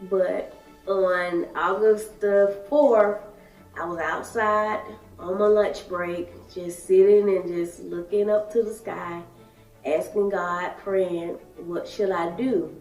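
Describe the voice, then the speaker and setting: A woman, telling her own story in halting, emotional short phrases. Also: on the low side, fairly even intonation. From Alabama, USA. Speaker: daycare worker sharing her story. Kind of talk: personal testimony. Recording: echoey room, distant mic, soft music.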